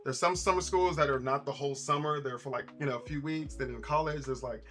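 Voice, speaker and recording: A young man chatting casually with his live-stream viewers while he builds a model, talking to chat in an animated way. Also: medium pitch, fast. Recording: faint music playlist behind.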